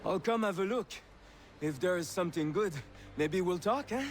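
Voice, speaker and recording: An actor with a Québécois French accent playing a friendly, talkative miner in a video game. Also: male voice, high voice, lively intonation, moderate pace, noisy background. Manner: chatty, friendly. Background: game music.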